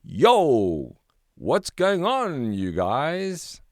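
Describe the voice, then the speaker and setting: A man's voice: a little high, huge pitch swings, slow pace, creaky, no room sound, clean studio sound, pitched above the performer's own voice, exaggerated voice. A man voicing a laid-back, chatty silver fish in a children's storybook. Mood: breezy. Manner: breezy and coaxing.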